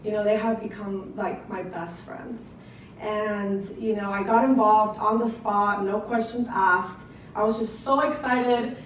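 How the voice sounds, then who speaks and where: A young woman giving an excited, conversational testimonial speech to an audience at a business event and talking to them directly. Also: mid-range voice, a little slow, slight background noise. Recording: echoey room picked up from a distance.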